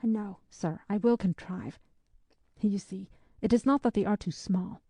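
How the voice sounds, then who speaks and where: A woman reading the part of an anxious young Spanish woman traveller, hesitant and nervous, in a dry, mellow voice. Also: mid-range voice, a little slow, dry recording.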